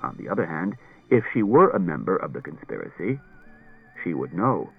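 A composed robot detective reasons quietly in a low, soft voice, as a male narrator puts him on. Every word is measured and even, with a slightly husky edge. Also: phone-quality sound, faint music behind, full character voice. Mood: calm.

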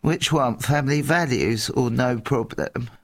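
Husky, slow-talking man. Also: medium pitch. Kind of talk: casual chat.

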